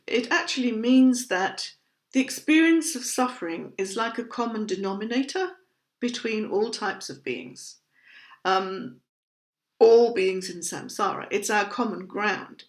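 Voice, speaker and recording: A woman gives a calm, explanatory talk on Buddhist ideas, taking her time to unpack technical terms. Her voice sits at an ordinary middle pitch. The room around her adds a noticeable echo. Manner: measured, thoughtful, explaining terms patiently. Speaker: Buddhism teacher. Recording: roomy echo.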